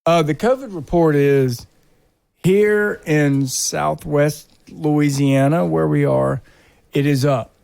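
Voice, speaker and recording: A man's voice: a little high, takes it slowly, creaky, darkish tone, no echo. A man hosting a podcast, rambling and wry in casual banter. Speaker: podcast host.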